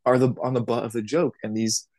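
A man's voice: medium pitch, level tone, fairly quick, darkish tone, no room sound. A man as a podcast guest, talking casually, laughing often and swearing freely.

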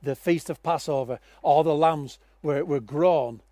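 Guy preaching, kinda high voice, dramatic retelling, gets quiet then loud, dry close mic. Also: a little slow, dry recording. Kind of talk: sermon.

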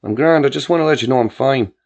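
A man's voice: mid-range voice, fast talker, a little mellow, pitched above the performer's own voice, lightly acted. A man voicing a cocky, defiant crime clan boss who swears freely. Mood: reassuring. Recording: dull lo-fi with faint music.

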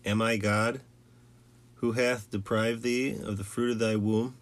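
A weary, hard-working ancient patriarch, read by a man. Low-pitched and steady, read like a storybook passage. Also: close to an everyday voice. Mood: firm. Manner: plainly read, measured.

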